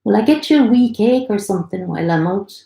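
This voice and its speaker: A woman reading voices a gentle young man from Derry, caring toward his partner, soft-spoken and reassuring. It sounds mellow and unhurried in delivery, with a roomy echo as in a storybook reading. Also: medium pitch, animated, vocal fry. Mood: kind.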